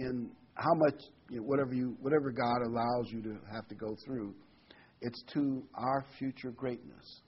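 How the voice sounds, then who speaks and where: A man's voice: medium pitch, steady tone, normal speed, slightly rough. A man preaching a sermon, reading scripture aloud and explaining it in a conversational way, chuckling now and then. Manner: conversational, chuckles between points, reads verses aloud. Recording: dull, slightly muffled recording.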